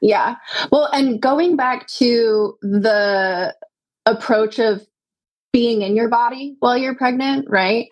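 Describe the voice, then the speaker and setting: A woman's voice: a little high, slow pace, dull audio. A woman talking as a podcast guest, a yoga teacher and doula, speaking earnestly and reflectively and often ending thoughts with tag questions. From United States. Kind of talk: conversational interview.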